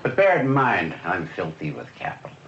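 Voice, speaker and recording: An actor playing a persuasive businessman in the cockfighting world, in a smooth and showy manner. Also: low voice, huge pitch swings, moderate pace, fairly bright tone, full character voice. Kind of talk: film dialogue. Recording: dull lo-fi film sound, barnyard noise.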